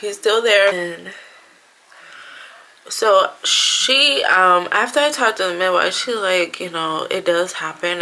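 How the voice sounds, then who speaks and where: Woman vlogger, 30s, bright and forceful tone, lowish pitch, chatty storyteller. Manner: chatty storytelling, acting out quotes. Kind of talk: casual personal vlog.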